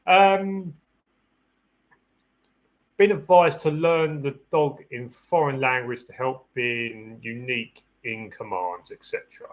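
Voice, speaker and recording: Taking it slowly, a security dog handler at a middle pitch gives casual live-stream advice during a Q&A about training dogs. He's down-to-earth, restarts sentences and returns to his own phrases while finding his point, and uses a raised voice for the dog's thoughts. The recording quality is low.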